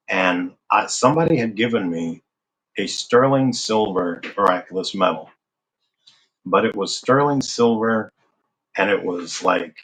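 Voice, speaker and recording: A man's voice: fairly low pitch, fairly bright tone, rough recording. A man being interviewed, telling a personal story in a casual, conversational way and acting out the remembered dialogue. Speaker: interview guest.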